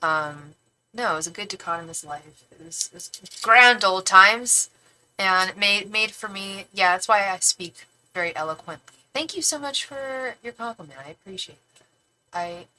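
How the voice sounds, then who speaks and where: A middle-aged woman from the Bay Area talks with a Northern California accent in a bright, forward voice. She hosts a casual livestream and chats freely, animated and slangy, with lots of "like" and some playful swearing. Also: mid-range voice, moderate pace, a little hiss or hum, poor audio. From San Francisco Bay Area, California. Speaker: tarot reader and livestream host. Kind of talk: casual livestream chat, reading viewer comments aloud.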